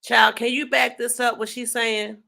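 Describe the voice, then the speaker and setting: A reaction host cracks teasing, sassy remarks in casual commentary. The voice is bright and sits at a middle pitch. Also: level tone, normal speed, gravelly.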